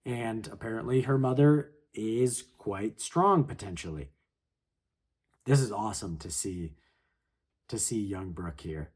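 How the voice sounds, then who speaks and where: Slow, laid-back man reacting to a comic. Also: lowish voice, husky. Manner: laid-back, chatty, full of "like" and "yo". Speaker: manga reaction host. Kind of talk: casual chapter read-along commentary.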